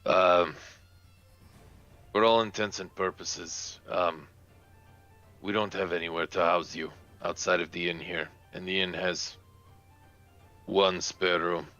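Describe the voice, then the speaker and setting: A man's voice: deep voice, steady tone, slow pace, pauses often, pushed and bright, lo-fi sound, faint music behind, full character voice. A man voicing a courteous old male burgomaster with a put-on Eastern European accent, speaking stiffly. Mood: formal.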